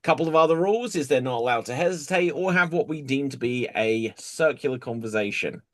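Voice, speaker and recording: A man's voice: mid-range voice, expressive, brisk. Upbeat man hosting improv games. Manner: upbeat, announcing. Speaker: host. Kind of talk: hosting an online improv show. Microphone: video call.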